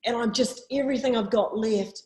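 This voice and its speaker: A woman's voice: a little fast, darkish tone, reverberant, rough recording. A woman from New Zealand with a New Zealand accent, a marathon swimmer telling stories as an interview guest and acting out her own past lines. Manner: acts out her own past lines with big jumps in pitch. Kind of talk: animated storytelling in an interview.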